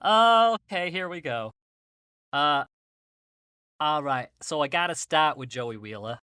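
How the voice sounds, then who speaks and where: Brief: male podcast co-host, unhurried, crisp voice, dry close sound, jokey and self-mocking. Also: fairly high pitch, lively intonation, pushed and bright, no room sound. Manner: laughing, self-deprecating, trailing off. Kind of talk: casual chat.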